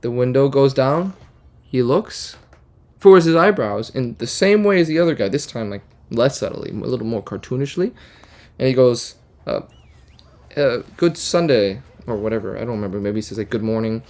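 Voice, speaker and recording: Young guy rambling thru a goofy story, deadpan, lots of likes and ums, medium pitch. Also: moderate pace. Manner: rambling, deadpan absurd storytelling with many fillers. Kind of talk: casual storytime while gaming.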